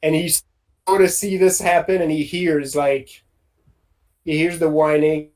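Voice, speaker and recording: Slow-talking male game master. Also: fairly high pitch. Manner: relaxed, rambling narration with many fillers. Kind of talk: narrating a tabletop role-playing game.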